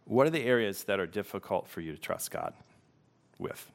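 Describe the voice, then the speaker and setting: A man preaching a sermon as pastor, reflective and unhurried, pausing to let questions sink in. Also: on the low side, expressive.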